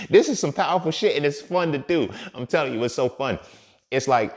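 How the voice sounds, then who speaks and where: A man's voice: a little high, lively intonation, normal speed. A young man talking casually on his podcast in a streetwise, profane way, often asking "you feel me". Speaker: podcast host. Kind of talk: casual monologue.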